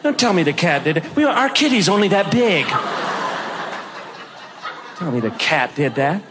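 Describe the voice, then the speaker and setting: An older man telling a stand-up story in an animated way, acting out both sides and laughing through his lines. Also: high-pitched, moderate pace, a crowd in the background, background noise. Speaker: stand-up comedian.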